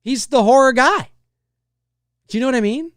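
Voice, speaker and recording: At a moderate pace and in a very high voice, a livestream host chats casually about a film and takes viewer comments, animated and rambling with frequent restarts and fillers. The recording is studio quality with no room sound.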